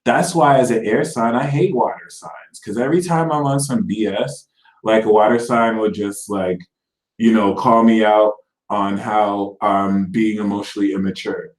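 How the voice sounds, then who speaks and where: A man giving a casual live horoscope reading, slangy and animated, acting out the people he quotes. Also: fairly low pitch, normal speed. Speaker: astrologer. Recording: roomy echo.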